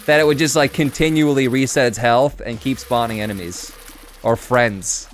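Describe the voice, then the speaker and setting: A man's voice: mid-range voice, moderate pace, soft background music. A man giving casual, chatty commentary while streaming a game and answering his chat.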